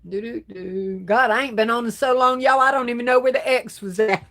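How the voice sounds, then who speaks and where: A woman hosting a casual livestream, reading viewer comments aloud in relaxed, colloquial speech and calling viewers "baby doll" and "darling.". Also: on the high side, normal speed. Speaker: livestream host.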